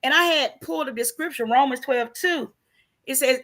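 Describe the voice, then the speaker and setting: A woman's voice: sits high, normal speed, a bit bright. A woman in a casual, faith-based conversation, talking emphatically and preachily with many rhetorical questions.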